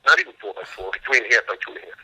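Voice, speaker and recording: A man talks fast and emphatically as the guest in an interview, with a bright, forceful edge to his voice. He tells his stories in an animated way, acting out both sides of each conversation. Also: on the low side, husky, rough recording. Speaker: animal rescue worker, guest. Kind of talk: interview, storytelling.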